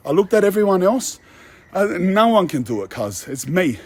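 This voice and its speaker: Here a young Australian man talks a little fast, his high-pitched voice full of lively intonation. He's a social media personality doing a casual walking vlog outdoors among apartment blocks, brash and boastful with plenty of street slang.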